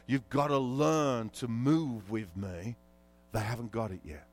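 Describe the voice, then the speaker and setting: A man preaching a sermon as pastor, telling an animated story and quizzing the congregation. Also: medium pitch, unhurried.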